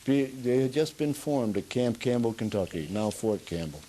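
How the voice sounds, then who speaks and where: A man's voice: mid-range voice, animated, moderate pace, mellow, a little hiss or hum, low-quality recording. An older man in an oral history interview, a rambling storyteller who chuckles as he goes, with a Pennsylvania Dutch accent. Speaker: veteran being interviewed.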